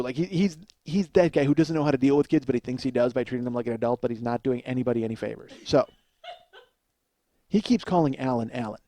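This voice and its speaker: A man's voice: fairly high pitch, expressive, fast, warm tone, no echo. A man hosting a podcast, telling a comic story in a profane, exasperated ranting way. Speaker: podcast host. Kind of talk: comedic storytelling monologue.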